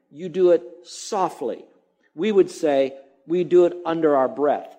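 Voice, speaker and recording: A man's voice: fairly high pitch, warm tone, low-quality recording. A male pastor preaching a sermon, emphatic and repeating phrases for effect.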